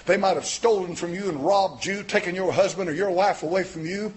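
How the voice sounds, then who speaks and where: A man's voice: sits high, brisk, husky. Fervent older man preaching a sermon. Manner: swings from quiet to shouted fervor; folksy, plain-spoken preaching. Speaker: pastor.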